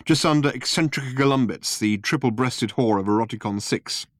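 A man's voice: medium pitch, moderate pace, no room sound, clean studio sound, lightly acted. A man voicing an unflappable alien researcher who talks in a breezy, matter-of-fact way. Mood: offhand.

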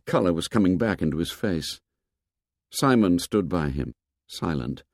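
A man narrating a novel in a measured, expressive storytelling manner. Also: sits low, dry recording, studio quality. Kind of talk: audiobook narration.

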